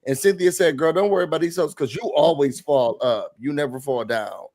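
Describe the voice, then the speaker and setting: A man's voice: on the high side, a little fast, darkish tone, no echo. A man hosting a live recap, reading out viewer comments and retelling scenes in a laid-back way.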